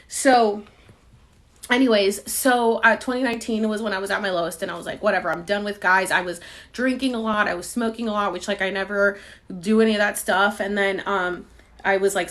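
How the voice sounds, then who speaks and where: Chatty woman telling a rambling story. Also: mid-range voice. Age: 30s. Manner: animated, rambling, frequent fillers and quoted dialogue. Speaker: host answering viewer questions. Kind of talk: casual live-stream storytelling.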